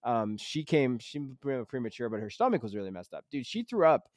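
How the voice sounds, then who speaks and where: Rambling, earnest dad on a podcast. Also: male voice, medium pitch, very animated, fairly quick, a little mellow, no room sound, clean studio sound. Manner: rambling, with many restarts and filler words; earnest and emphatic. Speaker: podcast co-host; high school psychology teacher. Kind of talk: casual chat.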